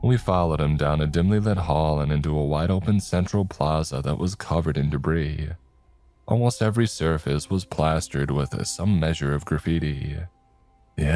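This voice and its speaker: A man narrating a horror story in a steady, even storytelling manner. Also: very deep voice.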